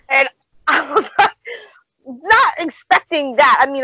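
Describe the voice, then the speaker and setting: A woman with a somewhat high voice tells rowdy wrestling-show stories, cursing freely and acting out the lines. Her audio is dry and a little dull, like a video call. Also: expressive, moderate pace, bright, forceful tone, no echo. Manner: brash, swears freely, acts out quoted lines. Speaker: guest, former wrestling manager. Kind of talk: casual storytelling on a podcast.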